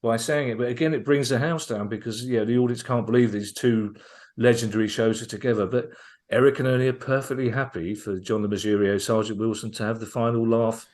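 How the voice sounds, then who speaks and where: A man's voice: mid-range voice, fairly even intonation, a little fast, a little mellow. A man on a podcast as guest comedian, telling a long, enthusiastic anecdote and often restarting his sentences. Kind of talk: casual podcast storytelling.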